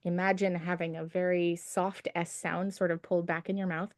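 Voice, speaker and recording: A woman's voice: on the low side, little pitch movement, moderate pace, no room sound, studio quality. A woman teaching a traditional singing class over a video call, patient and encouraging as she explains pronunciation. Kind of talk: online singing lesson. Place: home setup on a video call.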